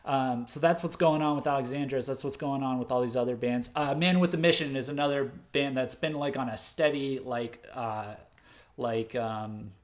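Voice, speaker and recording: Man, from the US, livestream host, casual off-the-cuff talk, many fillers, mid-range pitch. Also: moderate pace. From United States. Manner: rambling, full of fillers and self-corrections; laughs at his own mistakes. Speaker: host of a music news livestream. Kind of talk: unscripted livestream commentary.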